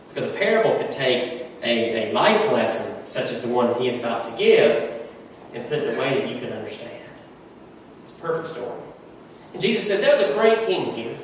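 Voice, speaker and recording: Recorded from a distance in an echoey church sanctuary, a male pastor with a medium-pitched voice preaches in a conversational, emphatic storytelling style. A slight hiss or hum can be heard.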